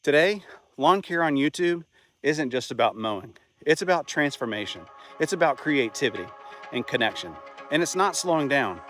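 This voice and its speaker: A man's voice: fairly high pitch, lively intonation, normal speed, fairly bright tone, faint music behind. A man narrating a scripted video essay in a plain, conversational way, with an occasional aside. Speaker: channel host.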